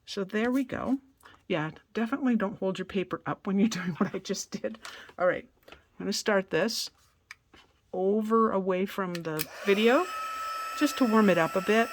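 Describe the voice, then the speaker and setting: A woman's voice: mid-range voice, normal speed. Woman craft demonstrator, casual and self-deprecating, home studio with a hair dryer noise in the background. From Canada. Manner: chatty, self-deprecating, thinks aloud.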